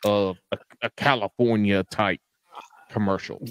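A man's voice: lowish voice, steady tone, fairly bright tone, clean tone, no echo. A man hosting a podcast, chatting casually with a guest in a rambling, joking, profane way. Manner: drawn-out stalling in its phrasing. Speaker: podcast host. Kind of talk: casual interview chat.

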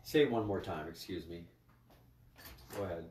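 A man's voice: deep voice, normal speed, a little mellow. A man leading a spiritual group on a livestream, talking in a profane, scolding way. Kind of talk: livestream talk. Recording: echoey room, mic at a distance.

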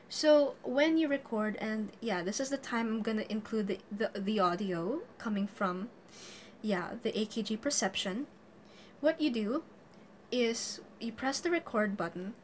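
A woman's voice: a little high, a little hiss or hum. A woman hosting a casual gear tutorial, chatty and giggly, laughing often and joking as she goes. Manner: jokey asides. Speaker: tutorial host.

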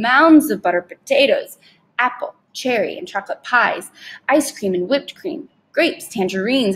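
Expressive female audiobook narrator; animated pitch, mid-range voice. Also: husky, low-quality recording. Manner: expressive, measured storytelling. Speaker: storybook reader.

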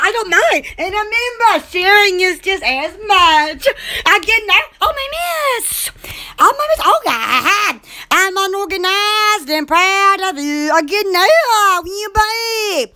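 Woman livestream host, very high and bright-toned, giggly, rambling chatter to viewers at home. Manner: giggly, rambling, exclamatory, blows kisses to viewers. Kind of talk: casual live-stream chat.

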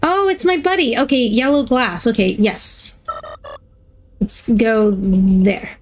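A woman's voice: fairly high pitch, takes it slowly, soft background music. A woman hosting a gaming video, giving chatty let's-play commentary and playfully reacting to herself as she plays.

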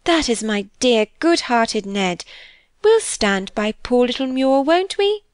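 A woman's voice: a little high, very animated, slow, no echo, clean studio sound, pitched above the performer's own voice. A woman voicing a shy, affectionate young girl in an audiobook, sweet and eager.

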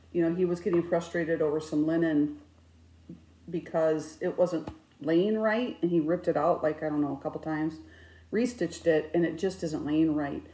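A woman in her fifties chatting casually about her crafts, with self-mocking, animated storytelling. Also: deep voice. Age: 50s. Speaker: cross-stitch vlogger. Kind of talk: casual chat. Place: indoors, her craft room. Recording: echoey room.

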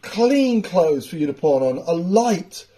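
A man's voice: a little high, very animated, slow pace, warm tone. A middle-aged man preaching an informal home sermon, earnest and repeating key phrases for emphasis. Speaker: house church preacher. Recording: roomy sound from a distant mic.

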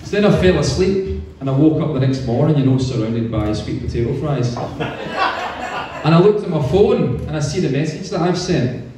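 Scottish comedian in an echoey pub. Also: male voice, a little high, expressive, normal speed, recorded from a distance, a crowd in the background. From Scotland. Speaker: stand-up comedian. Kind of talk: stand-up comedy set. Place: hotel pub stage.

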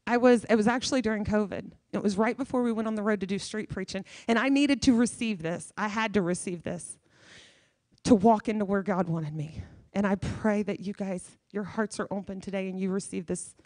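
A woman's voice: mid-range voice, brisk, a little mellow, dry recording, studio quality. A woman guest speaker preaching a sermon in church, emphatic and repeating her key phrases.

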